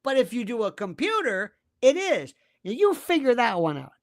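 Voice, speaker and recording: A man's voice: extremely high pitch, wildly swooping pitch, moderate pace. A man speaking as a guest commentator, arguing emphatically with rhetorical questions and acting out quoted voices. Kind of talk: animated conversational argument.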